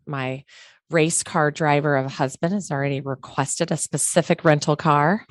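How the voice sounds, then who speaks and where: A woman with a Southern US accent and a fairly low voice. She chats in an upbeat, easygoing way as a podcast guest, recorded close and dry. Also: steady tone, moderate pace, dry recording. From Atlanta, US South. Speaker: podcast guest, professional organizer. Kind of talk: casual podcast chat.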